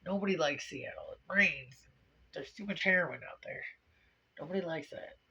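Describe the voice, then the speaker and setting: A tearful woman records a confessional vlog on lo-fi, low-quality video. Her voice is bright and forceful at a moderate pace, and she talks bluntly, profanely and in a rambling way.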